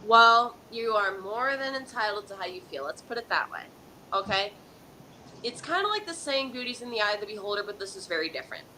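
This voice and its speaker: A woman's voice: medium pitch, lively intonation, brisk, sharp tone, slight background noise, low-quality recording. A woman hosting a live psychic advice stream, talking in an emphatic, preachy way and often checking in with "okay?". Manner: dramatic countdowns and pep-talk repetition.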